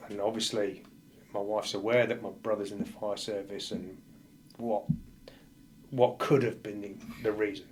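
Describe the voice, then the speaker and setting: A man's voice: on the low side, level tone, moderate pace, slight background noise. A male firefighter, a podcast guest, telling a painful personal story bluntly and vividly, acting out what people said. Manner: blunt, vivid retelling that acts out the dialogue.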